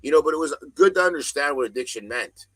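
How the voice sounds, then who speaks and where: A middle-aged man talking as a podcast guest, ranting bluntly with heavy profanity and loud emphasis. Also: a little high, animated, fast talker, dry recording, low-quality recording. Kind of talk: casual podcast conversation.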